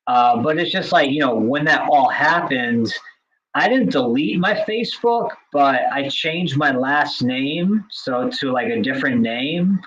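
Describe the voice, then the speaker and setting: A man in a casual podcast conversation, a drum teacher talking in a loose way full of fillers and restarts. His voice sits at an ordinary middle pitch. The recording sounds slightly muffled and lo-fi. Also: animated, a little slow, a bit bright, a little hiss or hum. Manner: chatty, many filler likes and restarts. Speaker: podcast co-host.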